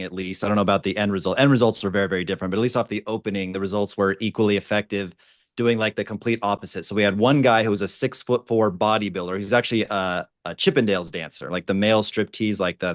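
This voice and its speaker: A man on a video call with a dating coach panel, telling an animated story in casual chat. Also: lowish voice, quick pace, no room sound, studio quality. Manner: animated storyteller, mimics voices.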